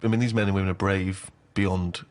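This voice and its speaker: A man's voice: deep voice, steady tone, brisk, a little mellow. A man co-hosting a comedy radio show, asking dry, probing questions. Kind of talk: casual comedic radio chat. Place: radio studio.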